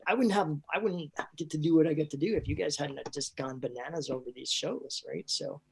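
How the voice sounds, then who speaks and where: A man's voice: a little high, fairly quick, creaky. Man, from Canada, voice actor guest, rambling, enthusiastic, casual interview, faint background noise. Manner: rambling and enthusiastic, full of fillers and impressions.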